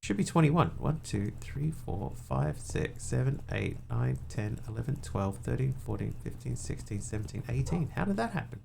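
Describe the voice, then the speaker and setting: Man, gravelly voice, game streamer, casual chat, muttered counting, faint background hiss. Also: mid-range voice, big pitch swings, normal speed, hardly any pauses. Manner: thinks aloud, counts under his breath, chats with viewers.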